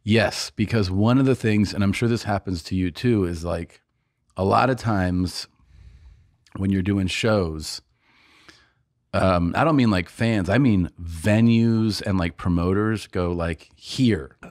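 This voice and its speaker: A man with a very low voice tells a rambling story on a podcast. He acts out what other people said and laughs often. The sound is dry and close to the mic. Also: slow pace, darkish tone, dry recording. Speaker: podcast co-host and comedian. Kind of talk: casual storytelling chat.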